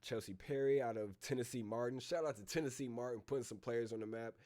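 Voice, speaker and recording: A man's voice: mid-range voice, steady tone, warm tone. A man hosting a casual live-stream reaction, talking in a slangy, rambling way and calling his listeners bro. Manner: reads down a list of names with filler pauses.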